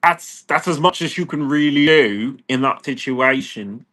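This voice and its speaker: A man's voice: medium pitch, measured pace, bright, forceful tone. Profane, agitated man ranting. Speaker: vlogger. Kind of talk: ranting personal monologue.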